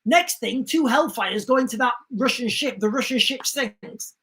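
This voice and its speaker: A man's voice: very high voice, moderate pace. A man hosting a casual livestream, reading viewer comments and rambling with frequent restarts. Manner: rambling, restarts often, animated asides. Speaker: livestream host.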